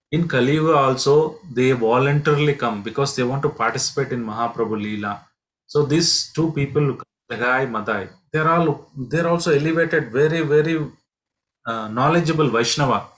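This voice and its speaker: A man, teaching as a pilgrimage guide, telling devotional stories in a halting way with many fillers and restarts. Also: medium pitch, a bit bright, rough recording. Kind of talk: devotional storytelling lesson.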